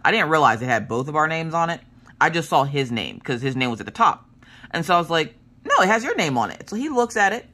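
Animated woman in her 30s, low voice that swings a lot, rambling story chat. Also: fast. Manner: animated, chatty, acts out voices of others in her stories. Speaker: craft vlogger.

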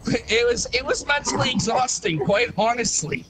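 A man's voice: very high-pitched, animated, moderate pace, noisy background. A man chatting casually while gaming, telling rambling stories, swearing and laughing often. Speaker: game player. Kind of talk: casual gaming chat with storytelling.

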